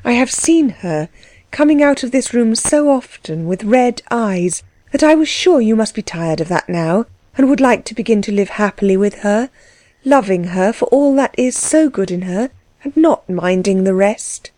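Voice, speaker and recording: A woman's voice: on the high side, animated, moderate pace, a little mellow, no echo, lightly acted. A woman reading as Anna, earnest young woman. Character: young gentle earnest woman, kind but firm. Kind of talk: audiobook reading.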